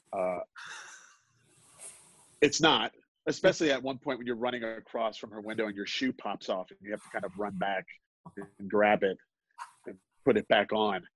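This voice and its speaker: A middle-aged man telling a personal story live on a podcast, halting and self-deprecating, with many restarts. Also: on the low side, slightly rough, no room sound. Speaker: guest storyteller.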